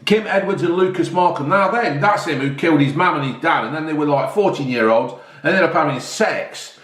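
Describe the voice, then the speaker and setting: A middle-aged man talks a little fast in a fairly high, fairly bright voice, his echoey room audible. He's a vlogger chatting casually about newspaper stories, giving blunt, ranting commentary laced with swearing.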